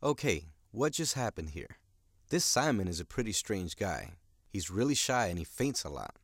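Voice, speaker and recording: A man's voice: lowish voice, very animated, normal speed, dry recording. A man teaching, plainly explaining a novel to learners and asking them questions.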